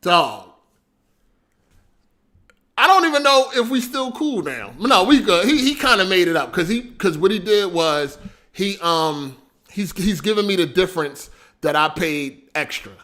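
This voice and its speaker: A man venting in casual livestream chat, animated and full of slang and swearing. His voice sits high for a man and has a bright, forceful edge. He rambles and repeats himself as he tells the story. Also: unhurried. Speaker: podcast host.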